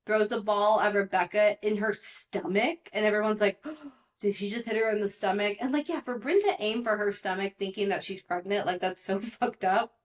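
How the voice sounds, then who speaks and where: A young woman hosting a podcast, recapping pop culture gossip in a chatty, exasperated way and saying "like" often. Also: mid-range voice. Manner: chatty and exasperated, heavy use of "like". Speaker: podcast host.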